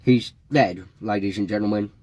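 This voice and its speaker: A man doing a calm bandmate announcing to a crowd. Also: fairly low pitch, normal speed, no room sound, natural voice. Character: bandmate calmly announcing a fake death onstage.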